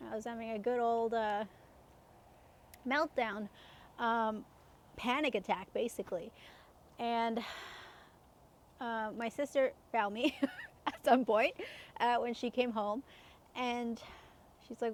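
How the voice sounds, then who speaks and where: A woman's voice: on the high side, slow pace, long pauses. A woman in her thirties telling personal stories in a casual, chatty way, laughing often and using many fillers. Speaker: self-help coach.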